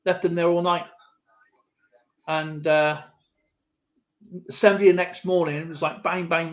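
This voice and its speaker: A man's voice: on the high side, steady tone, moderate pace, pauses often. A man hosting a live stream, telling a rambling anecdote in a casual, chatty way with lots of fillers and asides. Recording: slightly muffled lo-fi stream audio.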